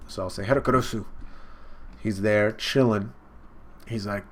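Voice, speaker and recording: A man casually and excitedly recapping a comic chapter in slangy talk during a live stream, jumping into the characters' lines. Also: fairly low pitch, moderate pace, creaky. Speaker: online manga reaction host.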